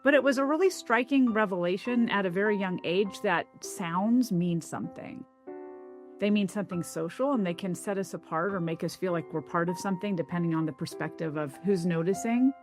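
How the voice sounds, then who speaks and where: A woman from the American South who is a linguist, telling stories and explaining ideas in a thoughtful, lightly animated interview. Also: on the low side, brisk, over music. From American South (Tennessee). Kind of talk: reflective interview storytelling.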